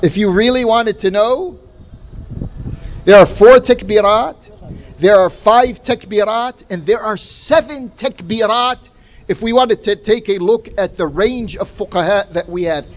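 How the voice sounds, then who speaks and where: A man's voice: sits high, a little slow, dull audio. A man giving a religious lecture, emphatic and full of rhetorical questions. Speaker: Islamic lecturer.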